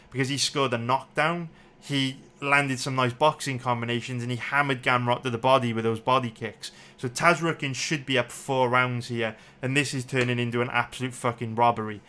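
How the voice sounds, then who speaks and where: A man's voice: medium pitch, sharp tone. Fuming man breaking down a fight. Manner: heated, swearing, repeats himself. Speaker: MMA betting analyst. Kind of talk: angry fight breakdown commentary.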